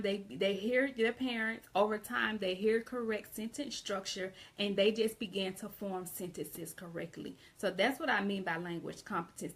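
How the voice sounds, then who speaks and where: A woman from the Southern United States with a Southern accent, giving a casual, conversational online grammar lesson and often restarting her phrases. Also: medium pitch. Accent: Southern American. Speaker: English teacher.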